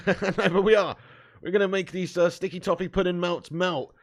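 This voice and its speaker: Excitable football fan, high voice. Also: male voice, moderate pace. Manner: excitable, bursts into loud cheering, swears freely, chats to viewers. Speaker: fan watch-along host. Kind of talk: live football watch-along commentary.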